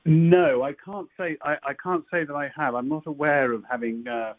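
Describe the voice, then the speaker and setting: Halting man on a phone line. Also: fairly high pitch, steady tone, no echo. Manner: halting, stammers and restarts often. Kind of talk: casual chat. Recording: dry tinny phone-like line.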